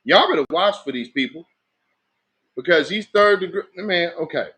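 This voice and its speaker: A man's voice: high-pitched, lively intonation, normal speed, sharp tone, breathy edge. A man with a Black American accent giving loose, joking live commentary in slangy talk. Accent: Black American English. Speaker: host of a live commentary stream.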